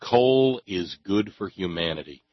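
A man putting on a mock Australian accent to play a blustering male politician, husky and brash. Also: low voice, expressive, measured pace, no echo, lo-fi sound. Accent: Australian, put on. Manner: brash, dismissive slogans.

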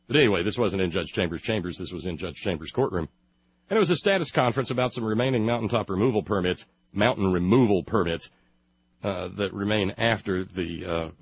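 Sarcastic talk host, husky voice, dry close sound, slightly dull audio. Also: male voice, low-pitched. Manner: sarcastic, rambling with many fillers. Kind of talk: casual radio monologue.

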